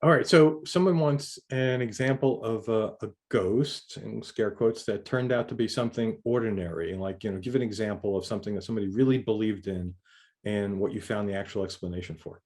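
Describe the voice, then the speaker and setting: A man's voice: lowish voice, fairly quick, darkish tone. A male co-host in a casual interview who reads audience questions aloud and adds wry remarks.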